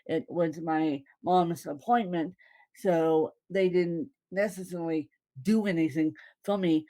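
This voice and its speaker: A woman's voice: lowish voice, steady tone, measured pace, dark tone. A woman content creator chatting casually to her fans, often repeating herself and laughing. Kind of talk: casual vlog talk to fans.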